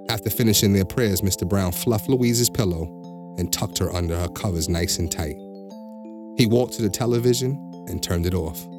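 Deep-voiced man reading a bedtime story. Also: normal speed. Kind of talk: scripted story narration with character voices. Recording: music bed behind the voice.

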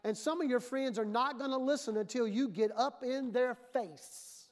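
A woman's voice: a little high, moderate pace. A woman pastor preaching a sermon in a church, emphatic and conversational, often acting out the voices she quotes.

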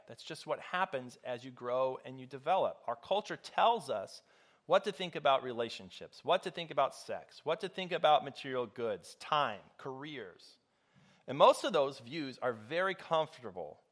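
A man's voice: medium pitch, expressive, moderate pace, fairly bright tone. A male pastor preaching a conversational sermon, mixing scripture with a self-deprecating personal story.

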